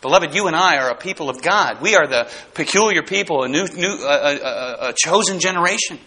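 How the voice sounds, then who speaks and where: A man preaching a sermon, fervent and folksy, repeating words and rising to shouts on key points. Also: a little high, expressive, fairly quick, slightly rough.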